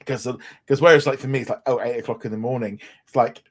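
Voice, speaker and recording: A man's voice: medium pitch, steady tone, fast. A man co-hosting a podcast, chatting with eager enthusiasm and frequent restarts. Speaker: podcast co-host. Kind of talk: casual chat.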